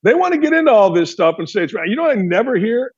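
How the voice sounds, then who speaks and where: A man's voice: sits high, sing-song, fast talker, breathy edge, muffled recording. A man from Indiana hosting a sports talk show, delivering an emphatic opinion monologue full of rhetorical questions.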